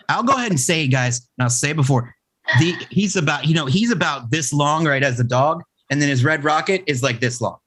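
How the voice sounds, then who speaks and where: A man hosting a casual podcast, mid-pitched and talking in a loose, rambling, jokey way. He stumbles through restarts and fillers as he spins his stories. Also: lively intonation, brisk, fairly bright tone. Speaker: podcast host.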